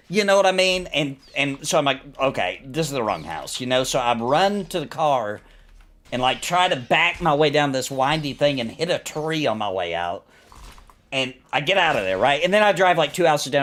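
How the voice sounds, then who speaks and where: Lively man telling a story. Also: mid-range voice. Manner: animated storyteller, many fillers like "you know what I mean". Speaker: host. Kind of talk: casual gaming chat, storytelling.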